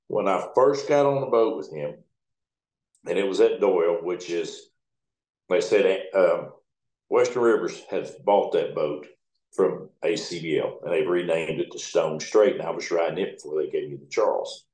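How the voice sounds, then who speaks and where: A middle-aged man with a low, deep voice, telling rambling, salty stories as a towboat captain. His speech is folksy and loose, with a roomy echo around it. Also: normal speed, a little mellow. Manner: folksy, rambling, profane storytelling. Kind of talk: oral history interview storytelling.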